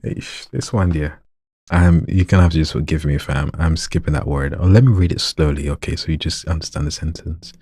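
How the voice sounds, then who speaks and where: A man's voice: rumbling low, fairly even intonation, fairly quick, mellow, husky, no echo. A man reading a story aloud, stumbling over lines, retaking them and joking with himself. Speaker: story narrator.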